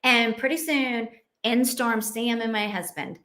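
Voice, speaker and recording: A middle-aged woman with a slightly high voice tells a story from her family life. She hosts a Christian parenting show and speaks in an earnest, heartfelt way. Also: fairly even intonation, a little slow, a bit bright. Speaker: Christian parenting podcast host. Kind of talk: personal storytelling.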